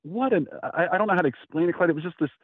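A man's voice: high voice, rapid-fire, husky, no room sound. Guy rambling thru a story, does little voices for quotes, sounds like over the phone. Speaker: radio host guest. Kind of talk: casual interview storytelling. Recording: tinny phone-like line.

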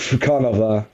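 A man chatting about football in a very dark, mellow voice, rambling and poking fun at himself. The recording is dull and lo-fi, like a home podcast setup. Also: mid-range voice. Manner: rambling, self-mocking, often laughing. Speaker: podcast co-host. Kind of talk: casual football chat.

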